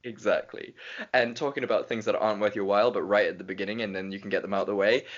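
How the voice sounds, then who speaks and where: A young man with a low voice co-hosts a podcast, talking in an animated, joking, rambling way. He records from a small cupboard in an office, and the sound is dull and lo-fi. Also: fast talker. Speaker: podcast co-host. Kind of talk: casual chat.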